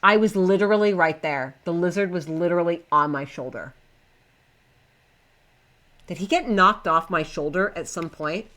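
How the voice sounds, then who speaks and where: Bright-voiced young woman streaming a game. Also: on the low side, moderate pace, pauses often. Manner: chatty, flustered, talks to herself and her pets. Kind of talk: live gameplay commentary.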